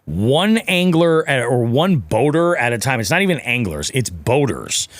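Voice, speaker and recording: A man hosting a casual podcast chat, animated and swearing freely, acting out the people he talks about. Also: mid-range voice, moderate pace, dry recording. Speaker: podcast host.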